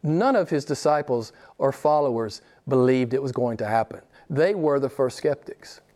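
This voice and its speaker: A man's voice: medium pitch, lively intonation, normal speed, a little mellow. A man preaching a sermon to a small group, emphatic, repeating his key phrases and asking rhetorical questions. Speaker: pastor.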